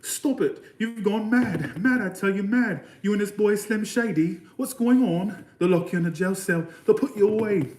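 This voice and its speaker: A shrill, melodramatic British mother scolds and pleads in a high, loud voice, as a man puts her on. She is wildly over the top. The sound rings in an echoey room. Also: racing, few pauses, close to an everyday voice. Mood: scolding, pleading.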